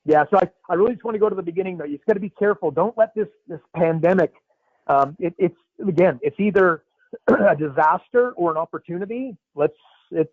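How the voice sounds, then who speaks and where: A man with a fairly high voice hosts a live coaching call, speaking a little fast in an upbeat, slangy way and calling his callers buddy and man. The line sounds thin and phone-like, and the recording is dry.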